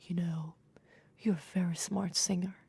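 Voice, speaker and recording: A woman voicing a soft-spoken male musician in a breathy whisper. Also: sits high, flat delivery, measured pace, dry recording, pitched below the performer's own voice, full character voice. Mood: hushed.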